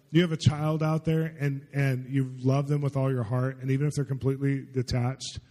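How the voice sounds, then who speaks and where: A man preaching a sermon as a testimony story. He rambles excitedly with many fillers. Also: medium pitch. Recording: long hall reverb.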